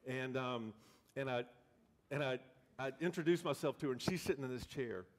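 A man pastor telling a story in a sermon, in an animated, folksy way with many restarts. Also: medium pitch, moderate pace. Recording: long reverb of a church hall.

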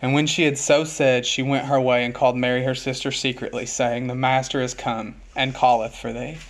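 A man preaching a sermon as pastor, reading scripture aloud and slowing down to stress key words, then building up with repeated phrases. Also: medium pitch, little pitch movement.

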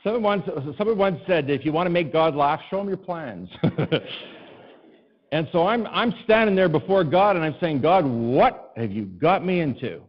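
Animated male pastor in a reverberant hall. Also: high voice, normal speed, dull audio. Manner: animated, self-deprecating, rising to exasperated cries. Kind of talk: storytelling sermon.

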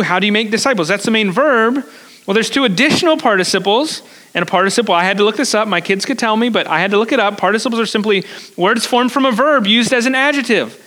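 At a church service, a pastor with a very high, bright, forceful voice preaches to his congregation. He explains things step by step, repeating words along the way and posing questions to his listeners.

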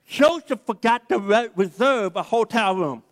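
A man with a strikingly high voice preaches a sermon, telling the story with humor and acting out the quotes. His voice rings out with the long reverb of a large hall. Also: animated, normal speed.

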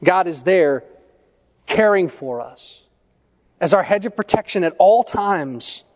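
A male pastor preaching a sermon, telling stories in a measured way and putting questions to the congregation. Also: sits high, lively intonation. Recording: echoey church hall, dull lo-fi sound.

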